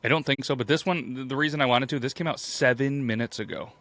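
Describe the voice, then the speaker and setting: A man co-hosting a podcast, making wry, deadpan jokes in casual chat. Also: medium pitch, quick pace, dry recording. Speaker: podcast co-host.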